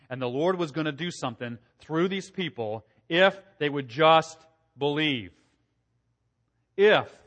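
A man preaching a sermon, animated, asking the congregation questions and acting out quotes in a raised voice. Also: fairly high pitch. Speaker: pastor.

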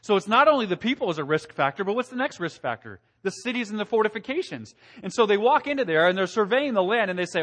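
Man, pastor, sermon, high-pitched, animated, rhetorical questions to the congregation. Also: quick pace, hardly any pauses. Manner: acts out quotes in a raised voice.

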